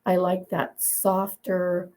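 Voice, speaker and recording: A woman's voice: fairly low pitch, monotone, takes it slowly, a little mellow, poor audio. A woman dog breeder being interviewed, telling long, opinionated stories in a chatty way and laughing now and then. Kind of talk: conversational interview storytelling.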